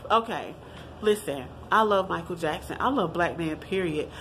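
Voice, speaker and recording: A woman's voice: lowish voice, normal speed, a little hiss or hum. A woman, giving her blunt, profane opinions in a casual vlog and talking straight to her viewers. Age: 30s. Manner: blunt, profane and animated, addressing viewers as y'all. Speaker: vlogger.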